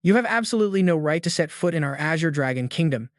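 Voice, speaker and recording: A man's voice: on the high side, animated, fast, no room sound, clean studio sound, close to an everyday voice. A man reading the lines of a furious, arrogant young prince in a manhwa recap, in a cold, sneering manner.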